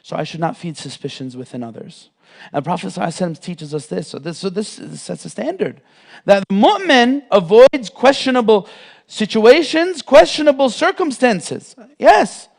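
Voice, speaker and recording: Man giving a mosque class lecture, high-pitched voice, lively delivery that slips into acted-out voices. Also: creaky. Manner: animated, acts out imagined speakers, frequent fillers. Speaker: Islamic teacher.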